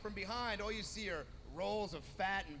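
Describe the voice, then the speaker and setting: A man performing a stand-up roast set, firing off biting insult jokes with filler pauses between punchlines. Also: sits high. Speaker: roast comedian. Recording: noisy live roast recording.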